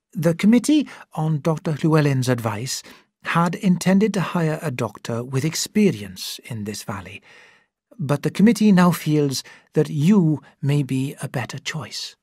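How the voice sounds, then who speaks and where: A reader voicing a formal male committee secretary who speaks in a measured, official way, in a slow and slightly husky tone. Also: mid-range voice, big pitch swings, warm tone, no echo, studio quality, pitched above the performer's own voice.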